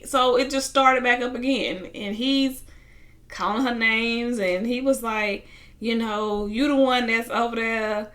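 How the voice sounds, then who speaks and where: A woman's voice: a little high, a little slow. A young woman casually recapping a reality show, retelling scenes and acting out what people said. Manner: animated retelling, acting out quotes, bursts of laughter.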